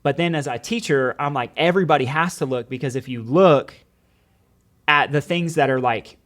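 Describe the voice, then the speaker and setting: A man's voice: fairly high pitch, normal speed, a bit bright. A man, a former teacher, talking in a casual podcast conversation, telling earnest stories and quoting his students and their parents. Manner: earnest storytelling with many "like"s and quoted dialogue.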